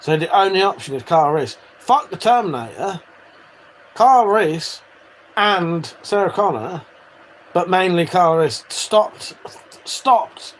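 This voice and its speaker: A man's voice: high-pitched, lively intonation, measured pace, slight background noise. A British man chatting casually with viewers on a live stream, swearing freely and bantering. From United Kingdom.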